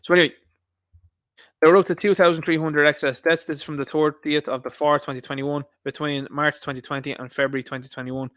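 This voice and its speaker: A man's voice: on the high side, flat delivery, fast, a bit bright, dry recording. Irish man, rambling live-stream host. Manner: rambling, opinionated, addresses viewers directly. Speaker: host of an online commentary show. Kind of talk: live-stream commentary reacting to posts.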